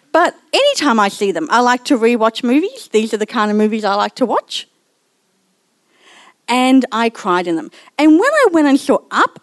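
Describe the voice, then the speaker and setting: A woman's voice: a little high, no room sound. A woman giving a sermon in a personal, chatty way and laughing at herself now and then. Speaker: church speaker.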